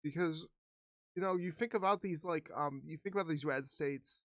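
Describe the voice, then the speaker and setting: A man's voice: a little high, normal speed, no echo, lo-fi sound. A man co-hosting a podcast, talking casually and explaining his points at length, with restarts and swearing. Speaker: podcast co-host. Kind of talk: casual chat.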